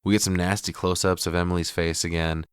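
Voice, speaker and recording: A man co-hosting a podcast, casually recapping a movie plot scene by scene with a relaxed, profanity-laced storytelling manner. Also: low-pitched, fairly quick, clear, resonant tone, no room sound, studio quality. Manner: profane, laid-back, storytelling. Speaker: podcast co-host.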